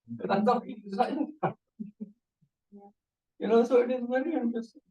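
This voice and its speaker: High-voiced man telling gentle stories, echoey. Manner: storytelling with soft laughs and asides. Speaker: meditation guide. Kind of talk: gentle anecdotal meditation talk. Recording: echoey room, distant mic.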